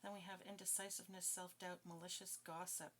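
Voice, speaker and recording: A woman with a bright, forceful voice talks through a tarot spread in a loose, chatty way, with blunt asides and bursts of giggling. Her voice sits a little low for a woman. A faint hiss runs under the recording. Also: little pitch movement, fairly quick. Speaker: tarot reader. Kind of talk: casual tarot reading.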